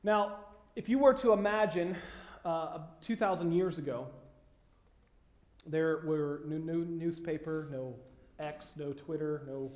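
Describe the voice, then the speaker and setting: Male pastor, high voice, conversational sermon with emphatic questions, echoey church hall. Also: darkish tone. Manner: conversational, many fillers and pauses, rising to emphatic questions. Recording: echoey room.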